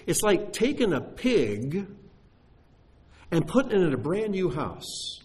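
A man's voice: high-pitched, sing-song, takes it slowly, a little mellow, slightly rough. A man preaching a sermon, emphatic, often repeating key phrases and putting questions to his listeners.

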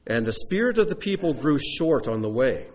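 A man's voice: medium pitch, very animated, moderate pace. A man teaching a sermon in a conversational way, asking the listeners rhetorical questions. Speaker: Bible teacher.

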